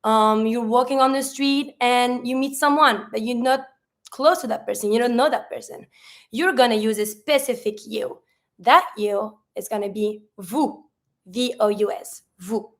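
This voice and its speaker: A woman's voice: fairly high pitch, moderate pace. Chatty woman teaching French greetings. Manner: chatty, asks and answers own questions; sprinkles fillers like "like".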